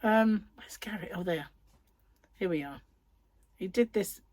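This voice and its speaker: A woman's voice: medium pitch, unhurried, darkish tone, no room sound. A woman chatting casually in her vlog and laughing at her own jokes. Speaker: vlogger. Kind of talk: casual chat. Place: in a van.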